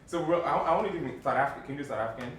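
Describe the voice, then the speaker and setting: A man hosting a casual panel chat, joking and animated, swearing freely. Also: a little high, racing. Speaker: host. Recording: echoey room, distant mic, faint noise.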